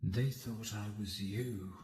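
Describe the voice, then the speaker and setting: A grim adult son, very deep and slow, solemn, echoey game audio. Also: male voice, steady tone, darkish tone, slight background noise. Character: grim adult son reporting back to his father. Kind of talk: game cutscene voice acting.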